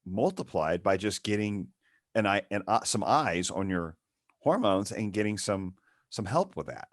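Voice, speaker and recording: Man, podcast host, very low voice, dry close sound, earnest, urging. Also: expressive, unhurried, no echo. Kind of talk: casual interview chat.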